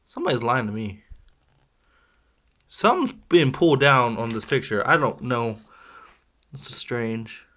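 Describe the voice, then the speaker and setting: A man's voice: medium pitch, very animated, unhurried, pauses often, bright, forceful tone. A man chatting casually as he opens toy packs for a video, rambling and joking at his own expense. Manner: rambling, chatty, self-deprecating with small laughs. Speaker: toy unboxing vlogger. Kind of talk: casual unboxing chat.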